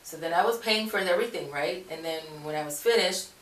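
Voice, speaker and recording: A woman's voice: fairly low pitch, brisk, a bit bright. A woman telling a personal faith story in a casual, rambling way, often correcting herself and laughing. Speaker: Christian video blogger. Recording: echoey room, voice far from mic.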